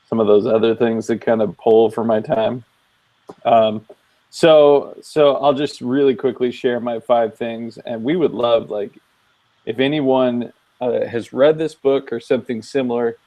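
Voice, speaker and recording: A man co-hosting a casual video-call chat, easygoing and thoughtful, pausing with frequent ums. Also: medium pitch, warm tone, poor audio. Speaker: co-host. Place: home office, video call.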